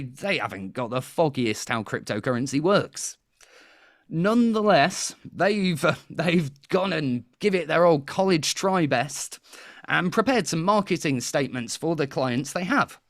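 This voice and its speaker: A man's voice: fairly high pitch, no room sound, clean studio sound. A man from England hosting a quiz show, chatty and laughing, with frequent restarts.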